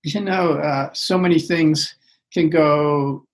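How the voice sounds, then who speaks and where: Earnest older male doctor, slightly high voice. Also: steady tone, takes it slowly, low-quality recording. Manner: earnest, reflective, often restarting phrases. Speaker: physician guest. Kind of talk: interview conversation.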